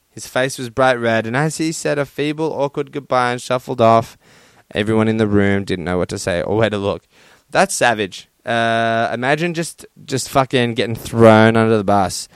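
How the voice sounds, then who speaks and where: Young male podcast host, profane and self-deprecating, smooth voice, dry sound. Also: mid-range voice, moderate pace, no echo. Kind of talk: casual solo podcast chat.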